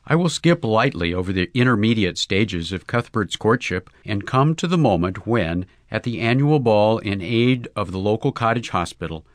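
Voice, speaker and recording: A man reading a short story aloud in measured, wry storytelling. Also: lowish voice, animated, no echo. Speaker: audiobook reader. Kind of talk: scripted narration.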